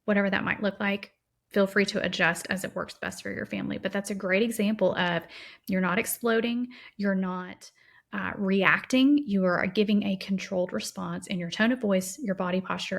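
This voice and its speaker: A woman hosts a podcast and talks through parenting advice in a relaxed, conversational manner. Her voice is mid-pitched with a noticeably gravelly fry. She often slips into quoted lines of her own family talk. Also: normal speed. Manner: warm, practical, conversational with quoted examples. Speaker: podcast host. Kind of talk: casual teaching monologue.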